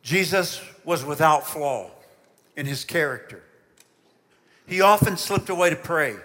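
A man preaching a children's sermon, telling the story with lively emphasis and asking the listeners questions. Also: fairly high pitch, unhurried, in a large hall. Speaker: pastor.

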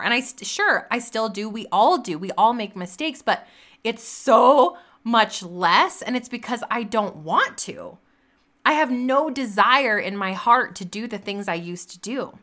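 Earnest woman with a bright voice. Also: mid-range voice. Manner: earnest, emphatic repetition of phrases. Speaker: podcast host. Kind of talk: faith-based motivational talk.

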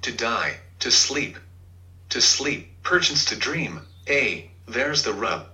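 A male text-to-speech voice acting as a computer sidekick, speaking in a flat, synthetic monotone. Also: mid-range voice, takes it slowly, full character voice, poor audio. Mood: reciting.

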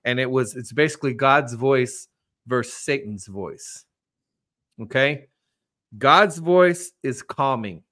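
A podcast host who is an adult with children speaks earnestly and personally in a casual talk about faith. His mid-range voice is bright and forceful, and he speaks slowly.

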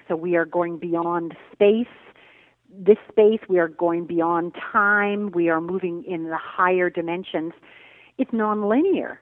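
A woman guest, a meditation teacher, speaking in a thoughtful, searching way with many pauses. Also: fairly low pitch, dry recording. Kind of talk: reflective spiritual interview talk. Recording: phone-like remote call audio.

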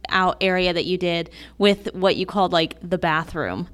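A woman's voice: fairly low pitch, fairly even intonation, normal speed, a bit bright. An upbeat woman hosts a podcast and asks her guest questions. She laughs easily and keeps the chat moving. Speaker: podcast host. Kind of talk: casual interview chat.

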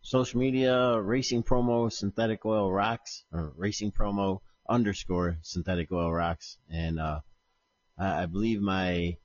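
A man giving brief, relaxed answers as a guest in a casual podcast chat. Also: low-pitched, a little slow, dry recording, dull audio.

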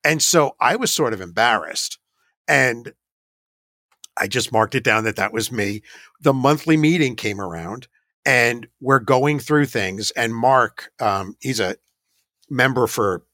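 A man who runs a paranormal investigation team tells a story in a chatty, self-deprecating way, laughing at himself now and then. His voice sits at a middle pitch. The sound is dry and close, with no room echo. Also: expressive, unhurried, sharp tone. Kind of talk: casual anecdotal storytelling.

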